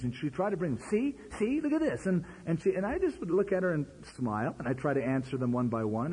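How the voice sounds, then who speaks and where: A man preaching a sermon in a conversational, animated way. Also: slightly rough. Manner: animated, conversational preaching with sudden pitch jumps. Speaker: pastor. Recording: long hall reverb.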